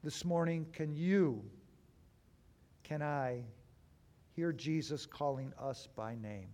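Male pastor, fairly high voice, sermon delivery with big dynamic swings from loud to quiet. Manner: dramatic swings between loud and hushed; slow, deliberate pauses.

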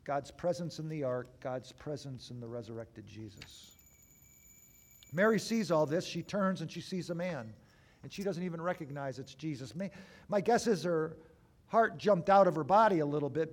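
Preaching man swinging loud to hushed. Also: on the high side. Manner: slow, deliberate pauses. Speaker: pastor. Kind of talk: sermon.

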